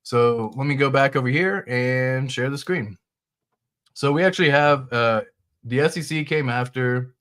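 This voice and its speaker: A man hosts a casual crypto livestream, walking through charts and calling out viewers in the chat. His voice is bright and forceful, and his talk stays loose and conversational. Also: mid-range voice, unhurried. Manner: casual, loose, talks straight to viewers and reads chat aloud. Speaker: crypto channel host. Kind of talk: casual livestream market commentary.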